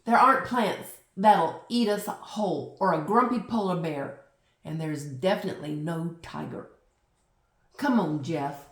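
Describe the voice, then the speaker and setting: A woman's voice: lowish voice, unhurried, far from the mic. A woman voicing a stubborn little girl. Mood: insistent. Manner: insistent, exasperated. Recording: roomy echo.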